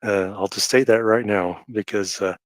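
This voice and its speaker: A man talking hesitantly in a casual live audio chat, pausing often with fillers. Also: lowish voice, fairly even intonation, dry recording. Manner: hesitant, halting, many fillers.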